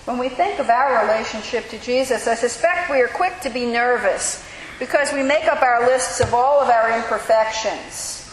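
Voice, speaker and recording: Lady pastor giving a sermon, kinda high voice, slow thoughtful pauses, roomy hall echo with a bit of hiss. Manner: measured, reflective preaching with slow emphatic pauses. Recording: echoey hall with faint hiss.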